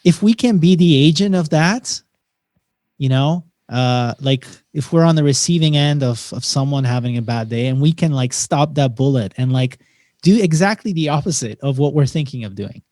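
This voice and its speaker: Chatting casually on a podcast as a guest, a man recounts stories with emphasis, voicing bits of dialogue and repeating "man" often. The studio-quality recording is dry, and his mid-range voice moves at a normal speed.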